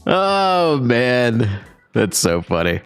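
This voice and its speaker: A man's voice: mid-range voice, sing-song, extremely slow, clean tone, faint music behind. A man hosting a podcast in casual chat, introducing clips in an upbeat, wry way and chuckling often. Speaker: podcast host.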